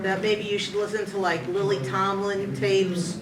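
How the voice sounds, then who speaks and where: An audience member speaking up with praise, a bit halting, heard from far off. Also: medium pitch, level tone. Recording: echoey room from far off with noise.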